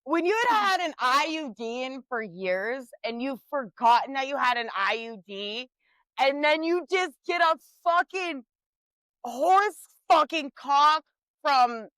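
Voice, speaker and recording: A young woman co-hosts a podcast, telling rowdy family stories with plenty of swearing. Her voice sits high and bright. The sound is dry and close, with no room around it. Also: animated, unhurried, no room sound, rough recording. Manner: profane, loud storyteller. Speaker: podcast co-host. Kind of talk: casual chat.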